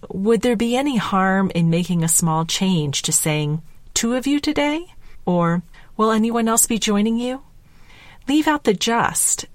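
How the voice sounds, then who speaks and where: Measured woman podcast host, dry close mic. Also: lowish voice, no echo. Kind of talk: scripted solo podcast talk.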